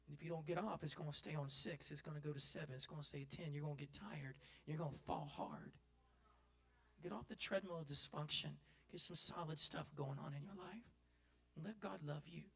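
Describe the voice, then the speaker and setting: A male pastor preaching a sermon in a folksy way, building to loud impassioned cries. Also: on the high side, animated, fairly quick, vocal fry.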